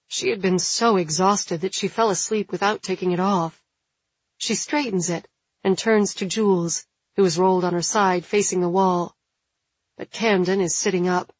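A woman reading an audiobook in a measured, even narration. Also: fairly low pitch, dry recording. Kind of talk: scripted narration. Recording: dull, dry studio sound.

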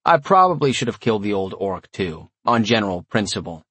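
A man narrating a first-person story in a wry, sardonic tone, with a husky voice. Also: on the low side, very animated, brisk, fairly bright tone, no room sound. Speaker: audiobook narrator.

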